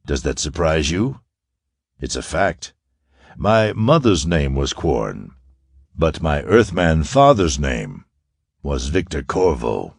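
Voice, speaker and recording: A man plays a smooth half-Martian villain in an audiobook, heavily acted and gloating with quiet, ironical menace. His voice is very low, drawn-out and sing-song, with a rich rise and fall. It's recorded close and dry, with no room sound.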